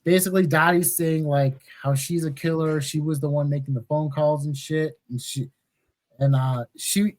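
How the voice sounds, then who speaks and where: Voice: mid-range voice, fairly even intonation, normal speed, a little mellow. A podcast host recapping a film in casual chat, swearing freely and laughing often.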